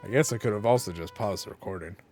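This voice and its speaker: A man's voice: lowish voice, fast talker, a little mellow, faint music behind. Joking man streaming a game. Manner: joking asides, reads game messages aloud. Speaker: streamer playing a dating game. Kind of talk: casual let's-play commentary.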